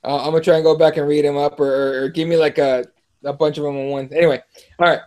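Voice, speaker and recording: A man hosting a casual talk show, laid-back and chatty as he retells events and reads comments aloud. His voice is notably high for a man, and he swears freely. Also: flat delivery, fast talker, a little mellow. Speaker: podcast host.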